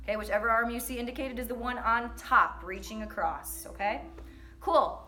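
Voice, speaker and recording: A woman's voice: on the high side, brisk, sharp tone, roomy sound, faint music behind. A woman teaching a percussion lesson, counting and singing rhythms aloud in an upbeat, breezy way.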